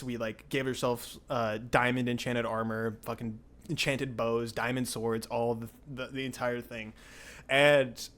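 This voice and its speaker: Excitable young man telling a story. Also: medium pitch. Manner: excitable, rambling, filler-heavy. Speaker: podcast host. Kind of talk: casual storytelling chat.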